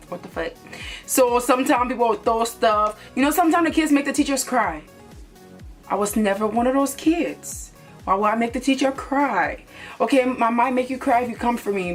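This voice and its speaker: Blunt, chatty young woman storyteller. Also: fairly high pitch. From Liberia. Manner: chatty, blunt, profane, talks straight to viewers. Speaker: YouTuber. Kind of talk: casual storytime.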